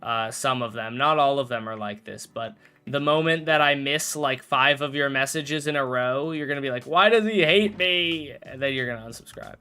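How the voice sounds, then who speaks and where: A man's voice: medium pitch, fairly even intonation, a little fast, pushed and bright, smooth, faint music behind. A young man chatting casually on a live stream while playing a game, rambling, correcting himself and joking with chat. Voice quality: rambling, self-correcting, jokey.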